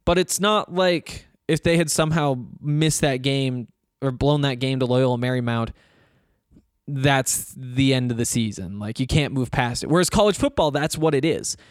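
A man's voice: mid-range voice, normal speed, dry recording, studio quality. A man hosting a sports podcast, talking through a game in casual, rambling solo commentary and often restarting his sentences.

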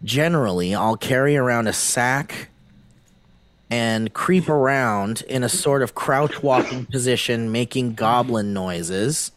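A man co-hosting a casual comedy podcast, who laughs often and reads an online post aloud in an animated way. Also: slow. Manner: animated, laughs often, pitch swings widely. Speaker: podcast co-host.

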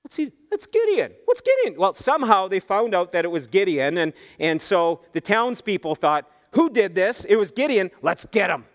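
A man preaching a sermon as pastor, telling the story in a lively way and acting out the voices of the people in it. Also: sits high, normal speed, hardly any pauses, in a large hall.

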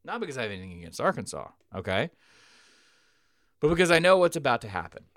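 A man hosting a podcast, telling a rambling, profane story with sudden loud outbursts. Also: medium pitch, big pitch swings, fast, no room sound, studio quality. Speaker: podcast host. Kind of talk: casual storytelling chat.

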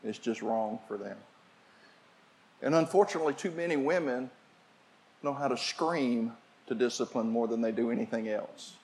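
An older man preaching a sermon, telling family stories and shifting from shouts to quiet asides. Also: medium pitch, normal speed, pauses often. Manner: storytelling preacher, swings from shouting to hushed. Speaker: pastor.

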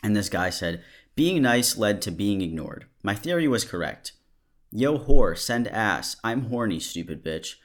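A man hosting a commentary video, reading out screenshots and reacting with animated mockery. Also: lowish voice, moderate pace. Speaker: host.

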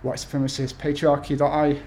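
A man's voice: on the high side, little pitch movement, fairly quick, a little mellow, slight background noise. A man in his thirties from the UK, an author talking to an event audience with many ums and restarts, then reading his essays aloud. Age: 30s.

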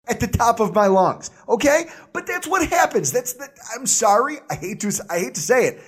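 Guy on a podcast ranting through a story, high voice, all over the place. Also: normal speed, husky. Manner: animated, exasperated storyteller. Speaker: podcast co-host.

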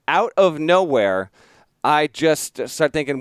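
A man telling a story on a podcast in a rambling, self-mocking way. His voice is smooth and a little high, recorded close and dry. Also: animated, normal speed, dry recording. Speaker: podcast host. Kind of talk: casual storytelling chat.

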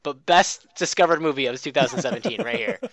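A man on a podcast, rambling and halting, often laughing. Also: a little high, very animated, creaky, a bit bright, no echo. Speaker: podcast co-host. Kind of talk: casual chat.

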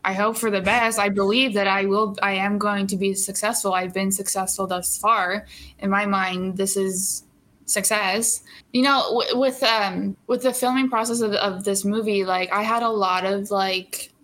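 A young actress chatting in an interview, animated and full of fillers and laughs. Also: female voice, medium pitch, moderate pace, low-quality recording. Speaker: actress guest. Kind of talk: casual interview chat.

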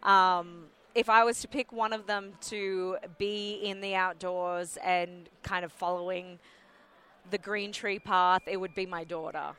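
A woman's voice: on the low side, steady tone, unhurried, fairly bright tone, clear, resonant tone. Chatty Australian woman in her forties. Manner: chatty, rambling, many fillers and likes. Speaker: guest. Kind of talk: casual interview chat.

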